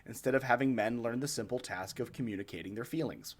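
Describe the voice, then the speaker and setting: A man's voice: mid-range voice, quick pace. A man co-hosting a comedy podcast, joking and playful as he presents a ranking segment. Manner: playful, jokey, lively. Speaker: podcast co-host.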